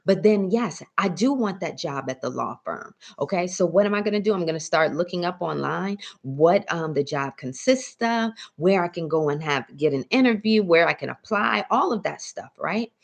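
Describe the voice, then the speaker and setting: A woman's voice: lowish voice, animated, normal speed, creaky, few pauses. Coaxing woman teaching a mindset lesson. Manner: checks in often with "right?" and "okay?"; coaxing, calls listeners "baby". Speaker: mindset coach. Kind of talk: motivational teaching talk.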